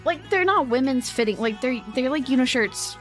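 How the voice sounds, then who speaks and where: A young woman on stream tells a long family story to her live chat, rambling and giggling and dropping "like" into every phrase. Her high voice is expressive and moderately paced, with soft music in the background.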